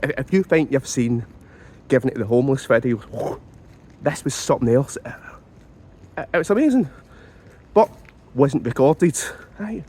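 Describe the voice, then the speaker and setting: A man with a Scottish accent telling a comic story as a monologue, animated and stumbling over repeated words in mock outrage. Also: mid-range voice, normal speed, long pauses, breathy edge.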